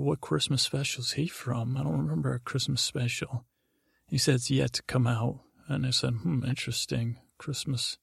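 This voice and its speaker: A man hosting a podcast, telling a meandering story in a halting way, with frequent restarts and fillers. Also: medium pitch, gravelly, slightly rough, no echo, studio quality. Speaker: podcast host. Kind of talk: rambling storytelling monologue.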